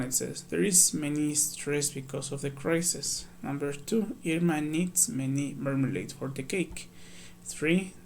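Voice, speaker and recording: Male ESL teacher, gravelly, slightly high voice, patient step-by-step workbook walkthrough, faint hiss behind. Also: a little mellow. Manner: patient, explains step by step, reads examples aloud. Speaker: English teacher.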